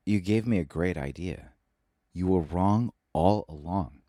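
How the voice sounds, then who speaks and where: A man's voice: deep voice, a little slow, dark tone, no echo, clean studio sound, voice pushed up. A man voicing an eager writer who pesters his roommate for story ideas in an insistent, wheedling way. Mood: teasing.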